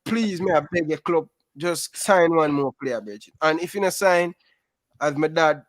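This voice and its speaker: Male caller, higher pitch, dry close sound, animated patois chat. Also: normal speed, dry recording. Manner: animated, patois-laced, calls everyone brother. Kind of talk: casual phone-in chat.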